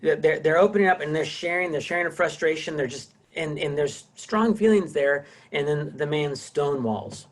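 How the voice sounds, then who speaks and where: A man's voice: a little high, normal speed, hardly any pauses. A middle-aged man teaching a casual class over a video call, rambling with many restarts. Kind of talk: casual online class lecture.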